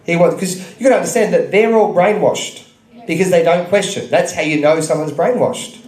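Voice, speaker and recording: A man's voice: high voice, a little fast, a little mellow. A man in his thirties giving an earnest, preachy speech to an audience at a club, telling stories. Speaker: speaker at a public gathering. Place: club function room. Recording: echoey hall.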